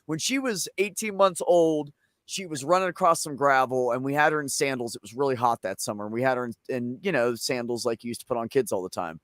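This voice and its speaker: A man's voice: mid-range voice, fairly quick, fairly bright tone, no echo, clean studio sound. A man hosting a casual chat show, telling long rambling family stories with plenty of swearing. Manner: profane, rambling anecdotes. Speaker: show host.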